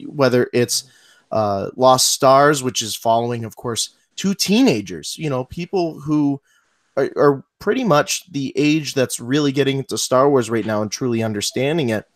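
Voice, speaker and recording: A man's voice: mid-range voice, lively intonation, moderate pace, no echo, clean studio sound. A man hosting a podcast interview, talking enthusiastically in long run-on sentences and affirming his guest. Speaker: podcast host. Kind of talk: casual conversational interview.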